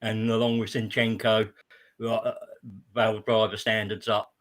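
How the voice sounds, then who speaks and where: A man in a casual chat, giving firm opinions in measured tones. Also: lowish voice, flat delivery. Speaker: podcast guest.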